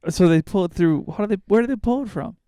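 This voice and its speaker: A man's voice: high voice, animated, fast talker, mellow, no echo, studio quality. A man co-hosting a casual podcast who laughs often and asks teasing questions. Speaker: podcast co-host.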